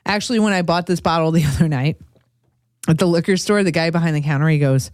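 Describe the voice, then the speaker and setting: A woman's voice: low-pitched, steady tone, fast, a little mellow, no echo. Joking woman podcast host, dry sound. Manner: joking, rambling, laughs often. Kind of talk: casual podcast chat. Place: Chicago.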